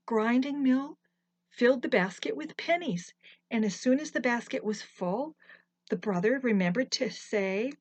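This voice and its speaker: Gentle older woman telling a folktale. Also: fairly high pitch, animated, no room sound. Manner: gentle, unhurried, corrects herself mid-story. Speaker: storyteller. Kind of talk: folktale storytelling.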